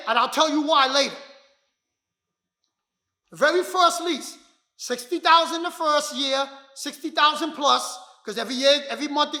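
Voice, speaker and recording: High-pitched, emphatic motivational man. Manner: emphatic, repetitive, bursts into shouting. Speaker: martial arts instructor. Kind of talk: motivational storytelling. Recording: echoey room.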